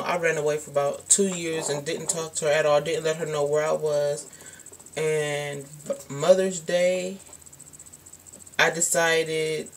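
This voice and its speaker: A woman's voice: lowish voice, darkish tone. A young woman telling a personal story in a casual vlog, blunt and slangy, swearing freely and filling her speech with "like". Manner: blunt and frank, swears freely, many fillers. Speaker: vlogger.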